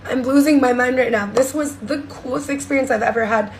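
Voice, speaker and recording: Young woman vlogger, excitable and candid, swears a lot, high-ish voice, faint room noise behind. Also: brisk. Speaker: social media creator. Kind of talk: candid vlog testimonial.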